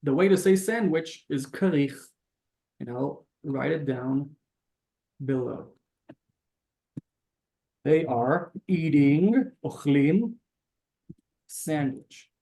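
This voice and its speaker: A man leads a beginner language lesson over a video call, taking his time and sounding out each word slowly. His voice sits a little high for a man. A roomy echo hangs around him on the call audio. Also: lively intonation, creaky, mellow. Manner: patient, explains step by step and sounds out words slowly. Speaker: Hebrew teacher.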